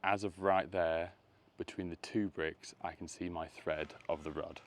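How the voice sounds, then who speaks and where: A man's voice: low-pitched, steady tone, unhurried, slight background noise. A man, an electrician, talking through his work in an on-the-job vlog, thinking aloud as he goes, filmed on a phone outdoors and in a loft. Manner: chatty, thinking aloud while working. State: out of breath at times. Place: outdoors on a roof and in a loft, rainy. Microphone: phone camera.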